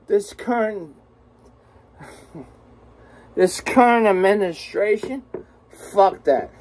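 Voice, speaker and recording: A woman's voice: medium pitch, darkish tone. A woman delivering a profane political rant as a vlogger, cursing, mocking and cackling.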